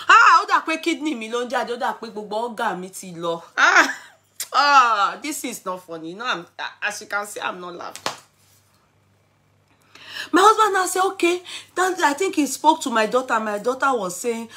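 A middle-aged Nigerian woman vlogs to camera, telling a personal story with dramatic, animated energy as she moves between English, pidgin and Yoruba. Her voice is high and fairly quick.

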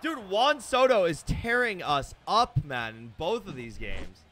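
Excitable young man calling his game. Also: high voice, unhurried, slight background noise. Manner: excitable, bursts into shouting; self-deprecating, hard on himself. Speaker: gaming YouTuber. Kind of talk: live gameplay commentary.

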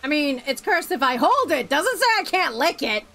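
Lively, bright-voiced woman gaming. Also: sits high, normal speed, creaky. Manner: sarcastic, playful, swears freely. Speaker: streamer. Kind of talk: casual gameplay chat.

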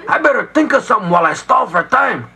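A man voicing cheeky, mouthy little boy pigs in a squeaky, smart-alecky kid voice. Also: sing-song, fast talker, gravelly, bright, forceful tone, slightly rough, full character voice. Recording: vinyl record with faint noise.

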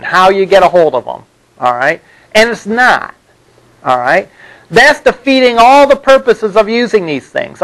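A man's voice: high voice, fairly bright tone, rough recording. A man teaching a college web development class, explaining patiently and often checking in with "all right?". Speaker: college instructor. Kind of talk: classroom lecture.

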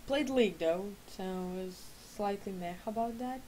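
Just up and still sleepy, this late-twenties gaming vlogger chats casually at home in a rambling, self-correcting way. She speaks at normal speed in a medium-pitched, darkish voice, on a rough recording with slight background noise.

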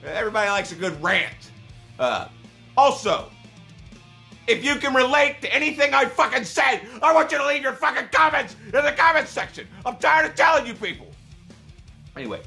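A man ranting in a video, swearing heavily and swinging between angry shouting and low, exasperated muttering. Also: very animated, moderate pace, creaky, faint music behind. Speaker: YouTuber. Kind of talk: profane rant video.

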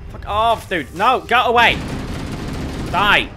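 A man streaming a video game, exasperated, swearing and yelling at enemies. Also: high voice, expressive, slow pace, slight background noise. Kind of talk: gaming commentary.

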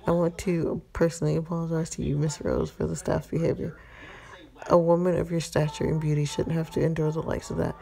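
A flirtatious male restaurant owner in an interactive story game speaks with a thick Spanish accent, as a woman puts him on. He drawls slowly and courtly in a low, gravelly register. The tone is dark and mellow. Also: level tone. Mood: courteous.

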